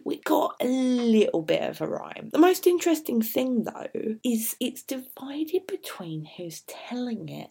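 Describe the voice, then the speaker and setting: A woman's voice: mid-range voice, gravelly, darkish tone. A woman teaching a poetry lesson on a podcast, chatty and enthusiastic, dropping into whispers for asides. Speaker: English literature teacher.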